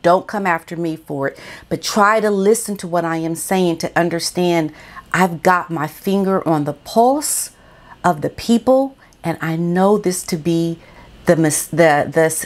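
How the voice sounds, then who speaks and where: A woman vlogger giving casual, animated commentary and talking straight to her viewers. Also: lowish voice.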